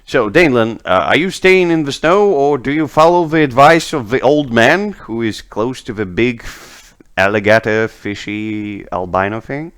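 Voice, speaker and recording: A man narrating a tabletop game as game master, chatty and relaxed, laughing often. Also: medium pitch, moderate pace, few pauses, smooth. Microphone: home microphone, online session.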